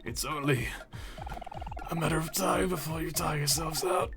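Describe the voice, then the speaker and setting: A man's voice: fairly high pitch, normal speed, gravelly. Male streamer voicing a swaggering show-off kid with a fake american accent, game music under it. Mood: smug. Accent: put-on American. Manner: swaggering, theatrical boasting. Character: cocky boastful boy rival, show-off kid.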